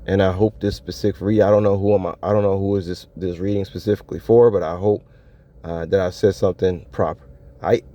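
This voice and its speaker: A man's voice: deep voice, fairly even intonation, brisk, dark tone. A man talking casually to his viewers in a solo monologue, laid-back and slangy, often breaking into laughter. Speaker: vlogger. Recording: dull lo-fi audio.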